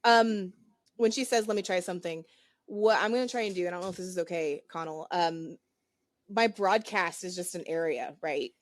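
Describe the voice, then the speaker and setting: A woman's voice: on the low side, moderate pace, no echo, clean studio sound. A woman playing a tabletop game, chatting casually and thinking aloud with many hesitations. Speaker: player.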